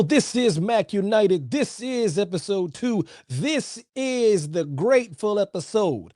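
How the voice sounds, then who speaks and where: A man hosting a solo football podcast. He talks in an animated, playful way, using slang and rhetorical questions. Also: very high voice, dry recording, studio quality. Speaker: podcast host.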